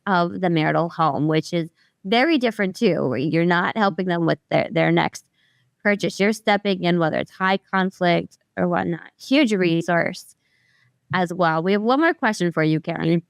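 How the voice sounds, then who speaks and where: Smooth-voiced woman hosting a podcast. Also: fairly low pitch, moderate pace, no echo, clean studio sound. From New Jersey. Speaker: podcast host. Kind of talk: casual podcast interview.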